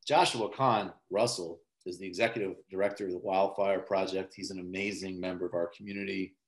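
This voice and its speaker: A man's voice: deep voice, steady tone, brisk. A man hosting a podcast in casual, teasing chat, often rambling with fillers. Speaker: podcast host.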